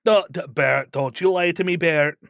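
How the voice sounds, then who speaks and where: A disappointed Scottish-accented dwarf father scolds his son, nagging and repeating himself, put on by a man. The voice sits a little high for a man and is recorded dry and close. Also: normal speed, creaky, a bit bright, no echo. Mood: disappointed scolding.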